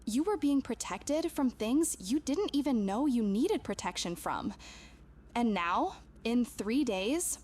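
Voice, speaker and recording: A woman's voice: a little high, a little mellow, breathy edge. A woman speaking earnestly and intimately to a camera, delivering a channeled spiritual message with emphatic repetition.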